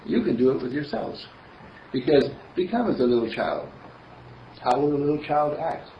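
A male minister gives a meandering spiritual sermon, chuckling as he tells stories, with a lively, rising and falling pitch. He is heard from a distance in a roomy space, and the recording is dull with faint hiss. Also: normal speed. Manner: rambling, chuckling, storytelling.

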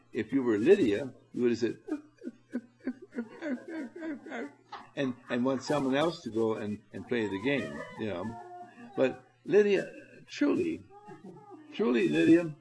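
A man leading a spiritual seminar, coaxing and animated, who addresses his listeners directly and laughs often. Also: mid-range voice, takes it slowly, gravelly, low-quality recording. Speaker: seminar leader. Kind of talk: spiritual seminar talk to a group.

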